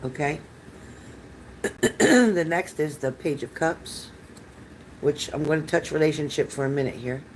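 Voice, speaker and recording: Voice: medium pitch, measured pace, long pauses, slight background noise, low-quality recording. An older tarot reader giving live readings to chat viewers in a chatty, rambling, reassuring manner.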